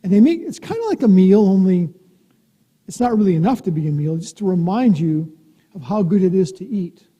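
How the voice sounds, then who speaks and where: A minister giving a gentle, playful communion talk to children in a church sanctuary, explaining things in simple words. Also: mid-range voice, animated, brisk, breathy edge, dull audio. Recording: long church reverb.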